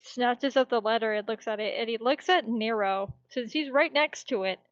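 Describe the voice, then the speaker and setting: A woman narrates her character's actions in a tabletop game, chatty and full of fillers. Her voice is fairly high. The recording is dull and dry. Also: moderate pace, no room sound. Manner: chatty, with frequent "like".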